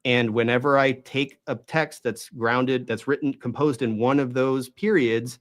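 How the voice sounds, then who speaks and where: A man's voice: medium pitch, fairly even intonation, unhurried, fairly bright tone. A man hosting a Bible study channel, explaining at length in an emphatic, argumentative way and often checking in with the listener. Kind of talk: explanatory monologue on Greek pronunciation.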